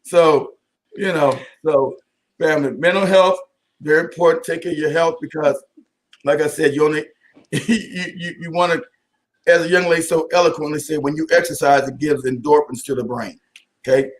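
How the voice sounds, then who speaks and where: A man with a somewhat high, steady voice speaks at a moderate pace during a community talk. His stories are jokey and profane, packed with restarts and asides, and he keeps calling the audience family.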